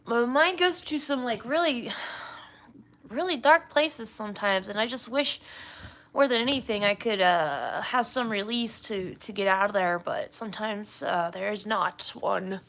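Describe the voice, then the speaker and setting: A woman's voice: medium pitch, measured pace, a bit bright. A woman livestreaming from home with a slight slur, chatting to viewers in a rambling, self-deprecating way and laughing often. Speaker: livestreamer and artist. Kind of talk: casual livestream chat. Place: at home, indoors.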